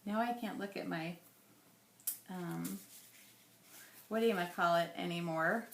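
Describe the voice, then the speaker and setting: A woman in her thirties, chatty and rambling as she thinks aloud while scrapbooking, her voice going a little hoarse. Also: on the low side, unhurried, roomy sound, slight background noise. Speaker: scrapbooking vlogger. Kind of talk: casual crafting chat.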